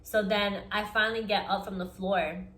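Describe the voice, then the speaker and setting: A young adult woman telling a personal story on her vlog in an earnest, fast-flowing way, with lots of "like" fillers. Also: medium pitch, steady tone, fairly bright tone. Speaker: vlogger. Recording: echoey room.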